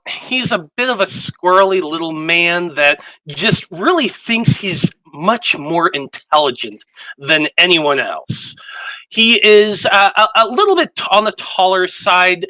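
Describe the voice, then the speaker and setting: A man's voice: high voice, sharp tone, no echo, low-quality recording. A man casually introducing his tabletop game character in a rambling, chatty way. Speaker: player.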